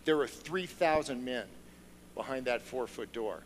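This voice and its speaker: A man giving a sermon through personal stories, moving from hushed storytelling to loud, excited preaching before a congregation. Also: medium pitch, measured pace, slight background noise, rough recording. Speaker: lay speaker. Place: church sanctuary with a congregation.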